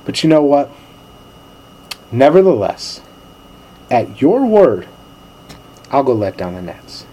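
A man's voice: mid-range voice, big pitch swings, slow pace, long pauses, warm tone, slightly rough, exaggerated voice. A man voicing a tired adult fisherman who talks in a casual, exasperated way. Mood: weary. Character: weary adult male fisherman, frank and casual.

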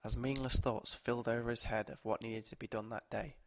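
A man reads short stories aloud in a mid-range voice, measured and steady. The recording is close and dry, with no room echo. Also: medium pitch. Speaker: narrator.

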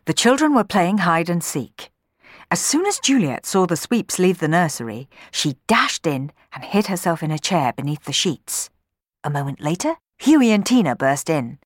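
A woman narrating a children's story from a book in an expressive, dramatic reading. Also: lowish voice, moderate pace, no room sound, studio quality.

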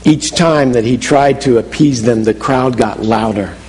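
A man's voice: mid-range voice, unhurried, a little mellow. Preaching man in a reverberant hall. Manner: vivid second-person storytelling, frequent restarts. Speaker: pastor. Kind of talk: sermon.

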